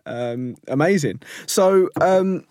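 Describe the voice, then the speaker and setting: A man hosting a casual interview, asking questions in a relaxed, hesitant way with many fillers. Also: on the high side, takes it slowly, dry recording, clean studio sound. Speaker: podcast host.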